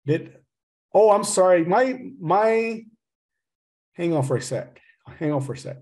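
A man teaching a language class over a video call, with a fairly high voice. He teases his students, calls them "guys," and breaks up grammar points with jokes. The sound comes through a home computer mic. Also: lively intonation, measured pace, darkish tone. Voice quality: teasing, joking, addresses the class as "guys".

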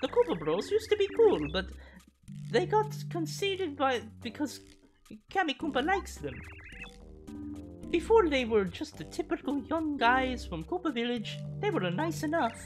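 A woman reading the lines of a spunky, defiant young female bomb creature from a game, lively and at times shouting in outrage. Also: sits high, a little slow, voice pushed up. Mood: chatty. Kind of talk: reading game dialogue aloud. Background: game music.

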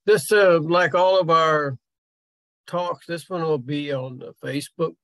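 A man hosting a community talk series, speaking casually and haltingly with many fillers. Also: fairly high pitch, a bit bright, no echo. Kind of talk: casual chat.

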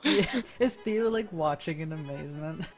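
A woman's voice: sits low, expressive, moderate pace, over music. A young woman chatting as a player in a tabletop role-playing game, laughing often. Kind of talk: casual tabletop role-play chat.

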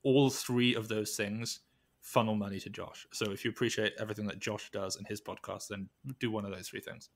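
A man with a low voice talks reflectively in a podcast interview. He speaks haltingly, circling back and restarting his sentences as he works through his thoughts. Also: steady tone. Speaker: podcast guest, weightlifting coach.

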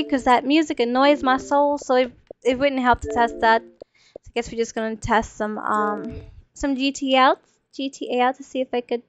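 High-voiced chatty woman streamer, swearing. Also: a bit bright, smooth. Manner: chatty, swears freely, thinks aloud. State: losing her voice. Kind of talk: casual gaming stream chat. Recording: dull, lo-fi stream audio.

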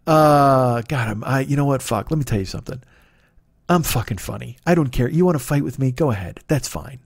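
A man in his forties rants his way through a comedic podcast monologue, swearing freely and slipping into mocking voices. His voice sits high for a man. The sound is dry and close, with almost no room in it. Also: moderate pace, no echo. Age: 40s. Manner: profane, animated, mocking voices in quotes. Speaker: podcast host.

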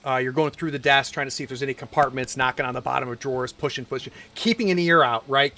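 Lively chatty game master man. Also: on the high side. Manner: chatty, loose, fillers like "like". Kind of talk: narrating a tabletop game.

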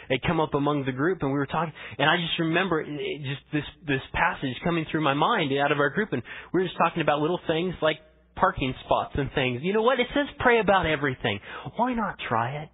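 A man preaching a sermon as pastor, conversational, swinging between emphatic lines and hushed asides. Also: fairly high pitch, brisk, husky. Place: church sanctuary. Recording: tinny phone-like church audio.

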